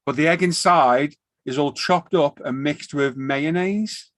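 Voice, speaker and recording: A man tells lively anecdotes on a live stream, bouncing between voices as he acts out scenes at a petrol station counter. his voice sits a little high for a man, and the sound is dry and close, with no room echo. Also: measured pace. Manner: animated storyteller acting out shop exchanges. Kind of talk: casual chat.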